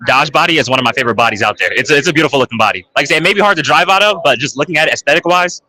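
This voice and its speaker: Fast, bright-voiced male interviewer. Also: on the high side, expressive. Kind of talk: live trade show interview.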